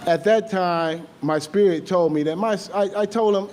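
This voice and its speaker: A man with a somewhat high voice gives an emotional statement to a gathering. He speaks haltingly and earnestly, often repeating himself. Faint noise sits under the recording. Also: a little mellow. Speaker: grieving father speaking at a public meeting.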